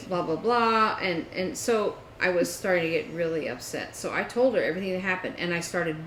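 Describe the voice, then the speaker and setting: A woman's voice: fairly low pitch, brisk. A woman co-hosting a casual chat, telling a story and acting out a phone call. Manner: animated storytelling, acts out phone calls. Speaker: podcast co-host. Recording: echoey room with faint noise.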